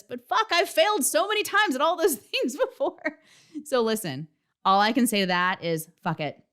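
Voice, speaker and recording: A woman in her thirties hosts her own podcast, speaking frankly and with emphasis while swearing often. Her voice sits lowish, a little bright and smooth.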